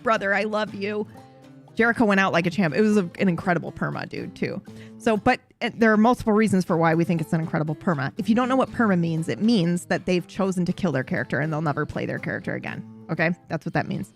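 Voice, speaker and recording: Woman, streamer, casual recap, rambling, profane, self-correcting, mid pitch. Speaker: streamer recapping a roleplay story.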